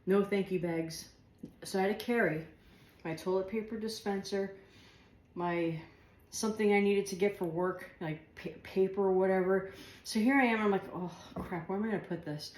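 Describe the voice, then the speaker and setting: A woman's voice: mid-range voice, fairly even intonation, normal speed, a little mellow. A woman chatting casually while she cooks and tastes food in her home kitchen, rambling from one thought to the next. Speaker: home cooking vlogger. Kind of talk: casual chat while cooking. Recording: echoey kitchen with faint household noise.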